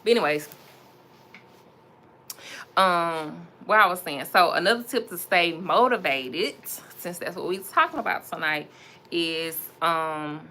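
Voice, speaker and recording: A woman's voice: lowish voice, measured pace, slight background noise. Chatty young woman on a livestream. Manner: chatty, animated, laughs often, talks to viewers as y'all and girl. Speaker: entrepreneur livestreaming while styling a wig. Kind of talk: casual livestream chat.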